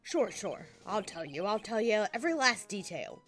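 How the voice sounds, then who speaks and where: A woman's voice: mid-range voice, big pitch swings, normal speed, a bit bright, soft background music. A woman voicing a grumpy, stubborn old male witness in a put-on French-sounding accent. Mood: grumbling. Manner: gruff, grumbling.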